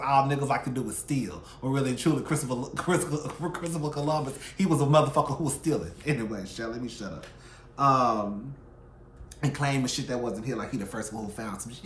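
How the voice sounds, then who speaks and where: Brief: male gossip vlogger, sassy and animated, slightly high voice, roomy echo. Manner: sassy, animated, profane, swings loud and soft. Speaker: YouTube commentary host. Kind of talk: casual celebrity gossip commentary.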